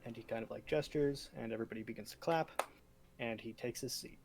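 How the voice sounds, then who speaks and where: A man's voice: mid-range voice, a little fast, vocal fry, darkish tone, a little hiss or hum. A man narrating as game master of a tabletop game, casual and full of fillers.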